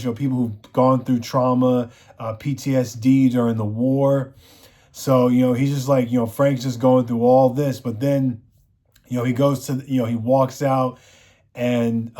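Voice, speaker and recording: A man's voice: mid-range voice, a little mellow. Rambling man recapping a show. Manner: rambling, constant "you know" fillers. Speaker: show reviewer. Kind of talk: casual plot recap.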